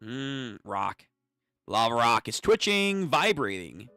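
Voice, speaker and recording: A young man hosting a live comic read-through, reading all the parts in an animated, casual voice that swears freely. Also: mid-range voice, slow, no echo, soft background music. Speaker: streamer reading manga.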